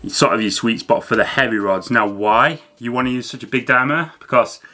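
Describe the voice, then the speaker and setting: Pushed and bright, this man's medium-pitched voice moves fairly quickly as he talks gear for his fishing channel. It's casual educational talk to camera, chatty and loose, full of fillers and restarts.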